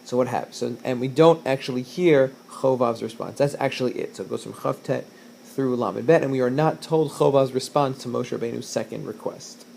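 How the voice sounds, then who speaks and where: A man's voice: medium pitch, fairly quick, vocal fry, warm tone, a little hiss or hum. A man teaching a recorded lesson, reading Hebrew verses and translating them line by line, with frequent fillers and self-corrections.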